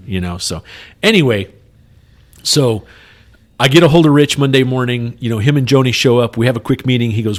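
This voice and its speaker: A man's voice: medium pitch, a little fast. A man co-hosting a podcast, telling a long story in casual chat and acting out the other people's lines in quotes. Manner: animated, retells scenes in quoted dialogue, many "you know" fillers. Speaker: podcast co-host.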